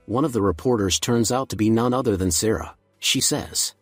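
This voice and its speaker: A man narrating a comic recap in an even storytelling voice. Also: fairly low pitch, normal speed, few pauses, dry recording, soft background music.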